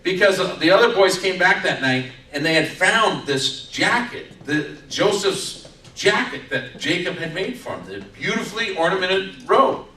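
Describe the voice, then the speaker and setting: High, bright-voiced preacher in an echoey room. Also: male voice, big pitch swings, unhurried, recorded from a distance. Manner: storytelling with acted-out quotes. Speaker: pastor. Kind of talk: sermon. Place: church sanctuary.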